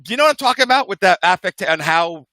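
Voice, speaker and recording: A man co-hosting a podcast in casual chat, animated and firing off rhetorical questions. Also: sits high, quick pace, no echo. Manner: animated, jumps between topics with rhetorical questions. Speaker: podcast co-host.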